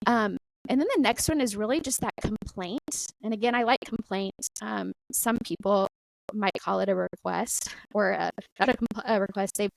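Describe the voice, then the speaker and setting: A middle-aged woman talking casually about faith as a podcast guest, animated and full of "like" and "right?". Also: medium pitch, moderate pace, vocal fry, no room sound, rough recording.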